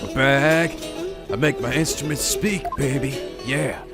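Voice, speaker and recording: A man voicing a laid-back hippie monk musician with a slow stoner drawl and groovy slang. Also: mid-range voice, over music, pitched below the performer's own voice, close to an everyday voice. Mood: mellow. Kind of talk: video game voice-over reading.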